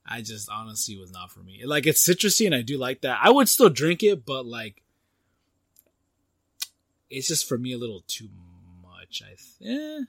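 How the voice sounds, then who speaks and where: A man's voice: medium pitch, sing-song, normal speed, no echo. A man co-hosting a casual beer-tasting podcast, easygoing and teasing. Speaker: podcast co-host.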